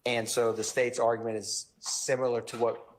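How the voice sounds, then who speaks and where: A man arguing as a lawyer in court, addressing the judge in a measured, formal way. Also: medium pitch, level tone, a little hiss or hum. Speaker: trial lawyer. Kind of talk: courtroom argument.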